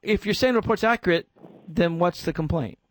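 A man hosting talk radio, his voice sitting a little high for a man. He argues in an animated, pushy way, often acting out both sides of a debate. The sound is dry and close to the microphone. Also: a little fast, no echo. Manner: animated, argumentative, acts out imagined exchanges. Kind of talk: political talk radio discussion.

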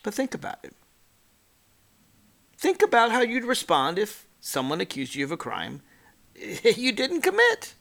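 A man's voice: high voice, wildly swooping pitch, unhurried, creaky, pauses often, fairly bright tone. A man hosting a political commentary show, making his points emphatically and mimicking people mockingly. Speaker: political talk show host.

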